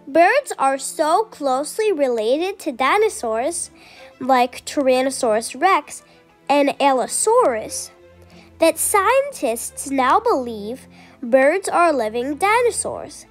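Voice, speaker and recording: High-voiced woman reading a picture book. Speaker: storyteller. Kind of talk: children's book read-aloud.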